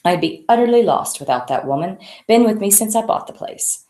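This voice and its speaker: A woman's voice: mid-range voice, animated, a little fast, warm tone, roomy sound, voice pushed up, lightly acted. A woman voicing a fussy, wealthy male record label boss with a genteel, chatty manner. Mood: genial.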